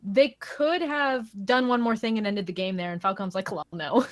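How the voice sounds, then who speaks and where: A woman's voice: a little high, lively intonation, normal speed. A young woman co-hosting a casual podcast, talking earnestly and emphatically and laughing often. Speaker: podcast co-host. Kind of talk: casual chat.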